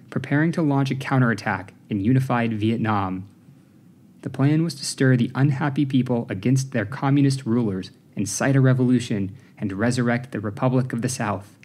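A man with a medium-pitched voice narrates an audiobook, reading scripted text in a measured, even manner.

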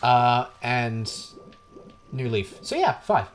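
A man's voice: mid-range voice, slow pace, soft background music. A young man chatting casually and rambling with plenty of swearing while co-hosting a video game playthrough, sounding tired. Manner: rambling, profane, animated. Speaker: let's play co-host. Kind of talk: casual gaming chat.

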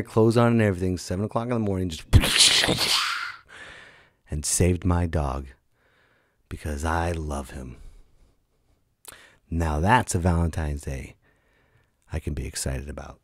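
A middle-aged man hosting a comedy podcast, telling a story as an animated storyteller who jumps into loud high put-on voices, just back from being sick. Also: dry recording.

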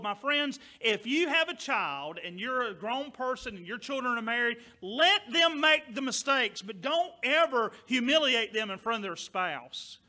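A man preaching a sermon as pastor, loud and emphatic, dropping now and then to quieter asides. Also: extremely high pitch.

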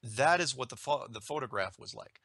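A man's voice: mid-range voice, lively intonation, normal speed, creaky, sharp tone, slight background noise. A man ranting in a casual spoken monologue, emphatic and indignant, often restarting his sentences as he argues through an everyday analogy.

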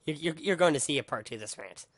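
This man's voice sits on the high side, husky and fast with lively intonation, recorded without echo. He's a vlogger delivering a heated, profane monologue to the camera, stammering and restarting again and again.

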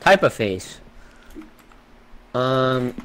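Gamer guy, playful mock-vlogger banter, unhurried, echoey noisy capture. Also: medium pitch, very animated. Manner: playful, mock-presenter banter, shouts when startled. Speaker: guest gamer. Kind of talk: casual gaming chat with a friend.

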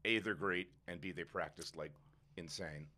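A man in his sixties, a chef guest in a casual podcast interview, telling animated stories. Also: moderate pace. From United States. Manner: animated storyteller, jumps up in pitch when indignant.

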